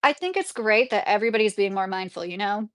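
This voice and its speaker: A woman's voice: medium pitch, lively intonation, fast. A woman hosting a casual livestream, chatting and talking back to viewer comments as she reads them. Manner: chatty, laughs often, talks back to the chat. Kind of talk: casual chat.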